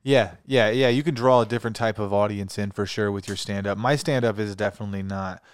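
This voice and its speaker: Smooth-voiced, dry-miked male podcast host. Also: on the low side, fairly even intonation, a little fast, no echo. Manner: laughs often, swears casually. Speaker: podcast host and stand-up comedian. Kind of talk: casual podcast chat.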